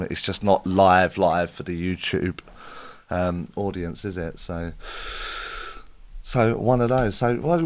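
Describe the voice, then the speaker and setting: A man, a spiritual medium, chatting casually as he answers viewer questions on a live stream. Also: sits low. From United Kingdom. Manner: chatty, reads out viewer comments and answers off the cuff.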